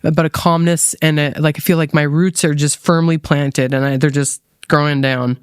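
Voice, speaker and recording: A woman's voice: low voice, fairly even intonation, normal speed, clean tone, dry recording. Earnest woman guest with a dry sound. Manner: earnest and openly emotional, with many fillers. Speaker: podcast guest, mindset coach. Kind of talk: candid interview conversation.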